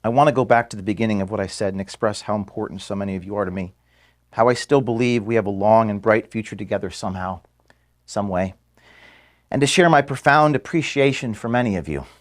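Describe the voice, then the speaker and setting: A man, the founder of an organization, giving an earnest farewell speech to his staff in an office. He is emotional and halting, with restarts and pauses, and is being filmed. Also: on the low side. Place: office room at headquarters. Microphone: filmed by camera.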